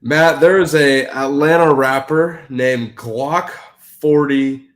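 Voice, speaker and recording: A man's voice: mid-range voice, fairly even intonation, takes it slowly. Sports show co-host guy, mid voice, agreeable, keeps moving to the next topic. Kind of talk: casual sports talk.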